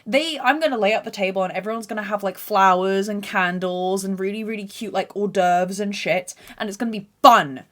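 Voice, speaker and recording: Profane, bright-voiced young woman ranting. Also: medium pitch. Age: young adult. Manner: profane, rambling, jumps between loud outbursts and mutters. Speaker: podcast host. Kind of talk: casual rant monologue.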